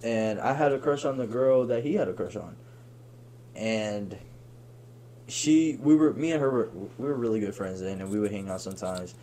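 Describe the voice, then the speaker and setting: A young man telling stories in casual podcast chat, animated and quick to laugh, acting out his friends' voices as he goes. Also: lowish voice, slight background noise. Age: young adult. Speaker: podcast guest.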